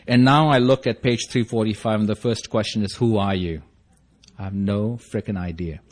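A middle-aged man giving a personal recovery testimony, telling his story earnestly and rising into fervent bursts. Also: on the low side. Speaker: recovery meeting speaker.

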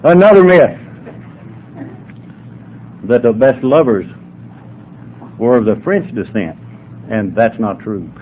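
A man's voice: lowish voice, animated, unhurried, pauses often. An older man, telling humorous stories at a sobriety meeting in a folksy, drawling way. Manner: folksy, drawling yarn-spinner. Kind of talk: humorous storytelling to an audience. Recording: tinny phone-like recording, faint noise.

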